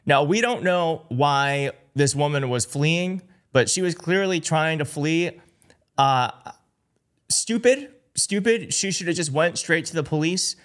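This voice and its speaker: A man's voice: a little high, unhurried, fairly bright tone, clear, resonant tone. A man giving online political commentary, indignant and emphatic, reading out reports and quotes.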